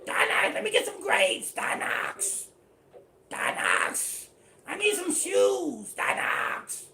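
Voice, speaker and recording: A woman voicing a wasted-away homeless man who begs for change and keeps mumbling his own name in a breathy half-whisper. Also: extremely high pitch, huge pitch swings, slow, pushed and bright, roomy sound, a little hiss or hum, voice pushed up, full character voice. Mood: pleading.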